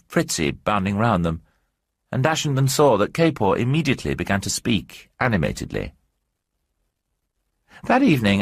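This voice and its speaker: A man narrating a short story in a measured storytelling manner. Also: fairly low pitch, no room sound, clean studio sound.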